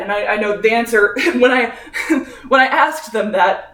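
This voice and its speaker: A man's voice: high-pitched, normal speed, fairly bright tone. A young man in his twenties rambles through a casual cooking vlog, worn out and sick from sunburn. He mocks himself, swears freely and keeps breaking into laughter. His voice comes from a distance in an echoey kitchen. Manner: rambling, self-mocking, swears often, laughs between phrases. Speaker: vlogger. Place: home kitchen while cooking.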